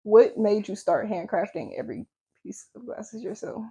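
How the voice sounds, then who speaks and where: A woman's voice: medium pitch, moderate pace, vocal fry, mellow, slightly rough. A woman hosting an interview, upbeat and bubbly, laughing often. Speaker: host. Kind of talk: casual interview chat.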